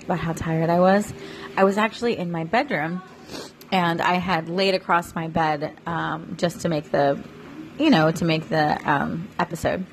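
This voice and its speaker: A woman's voice: on the low side, fairly even intonation, moderate pace, slight background noise. A woman, chatting casually to her viewers in a rambling way with lots of fillers. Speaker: vlogger and small business owner. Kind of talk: casual chat to camera.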